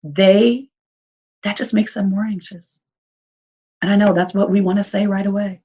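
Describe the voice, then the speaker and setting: This recorded talk for parents comes from a female early childhood social worker with a Midwestern American accent, sounding chatty and full of fillers as she encourages them cheerfully. Her mid-range voice is warm and slightly rough, level in tone, moving at a normal speed. The audio is dull and lo-fi.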